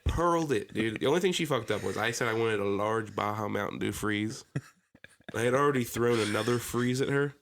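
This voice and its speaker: Podcast co-host, male, low voice, lively ranting storyteller. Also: brisk, creaky. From Pennsylvania. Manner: animated storytelling, acts out his own anger. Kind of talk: casual chat.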